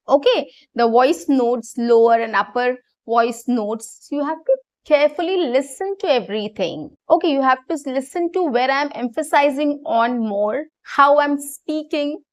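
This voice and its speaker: A young woman, an English communication coach, explaining a practice technique, often checking in with "right?" and "okay". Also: high voice. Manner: explanatory, repeats key phrases with frequent "right?" and "okay". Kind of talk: online English lesson.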